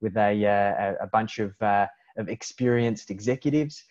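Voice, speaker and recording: Male interviewer, easygoing, lowish voice, muffled lo-fi recording. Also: normal speed, a little mellow. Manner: casual, friendly, says "mate". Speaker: interview host. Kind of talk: conversational interview. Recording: dull lo-fi sound.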